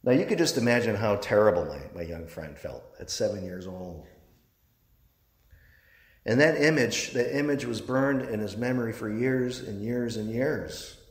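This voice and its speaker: A man, a priest, giving a sermon, telling a story with halting restarts. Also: on the low side, expressive. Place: church. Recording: echoey church with long reverb.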